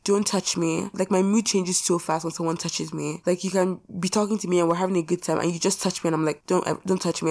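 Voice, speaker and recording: Young female podcast host, low-ish voice, casual and exasperated, swears a lot and does not hold back. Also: vocal fry, darkish tone. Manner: blunt, profane, exasperated. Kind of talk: casual rant.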